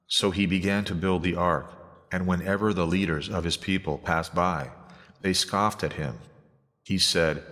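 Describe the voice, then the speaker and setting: A man reading scripture in a measured, solemn way. His voice sits very low. A long hall reverb hangs on every phrase. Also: a bit bright. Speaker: reader.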